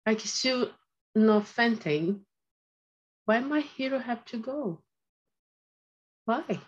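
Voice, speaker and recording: Slow-spoken woman guest, lo-fi sound. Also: on the high side, expressive, breathy edge. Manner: halting, reflective, with repeated phrases and non-native grammar. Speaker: podcast guest. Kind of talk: emotional personal storytelling.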